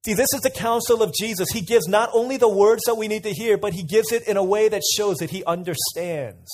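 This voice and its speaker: A man's voice: high voice, brisk, a little mellow. A man preaching a sermon in a conversational way, asking listeners questions and telling stories. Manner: conversational, asks the audience questions, tells anecdotes.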